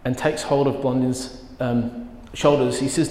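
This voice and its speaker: A man's voice: mid-range voice, fairly even intonation, a little slow, a little mellow. A man preaching a sermon as pastor, telling a story with vivid, emphatic quoted lines. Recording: echoey hall with long reverb.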